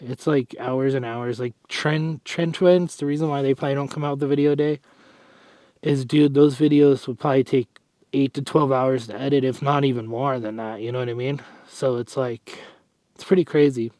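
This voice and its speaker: A man's voice: medium pitch, fairly even intonation, moderate pace, dark tone, no room sound. Breathless rambling man vlogging. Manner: rambling, self-correcting, sighs and clears throat. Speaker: fitness vlogger. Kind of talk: casual vlog talk.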